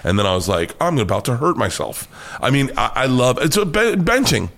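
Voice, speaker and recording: A man from the United States, a comedian guest in an interview, telling stories in a loud, profane, animated way and laughing often. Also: mid-range voice, a little fast, gravelly. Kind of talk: casual storytelling interview.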